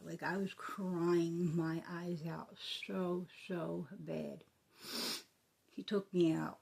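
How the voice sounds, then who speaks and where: Soft-spoken raspy woman telling a personal story. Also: on the low side, flat delivery. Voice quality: often breathy whisper. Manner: halting, emotional, soft-spoken. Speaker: vlogger.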